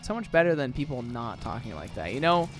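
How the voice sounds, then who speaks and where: A man's voice: medium pitch, sing-song, fairly quick, soft background music. A young American man chatting casually through a let's-play, rambling with lots of "like" and "um". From southern United States. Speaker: gaming YouTuber.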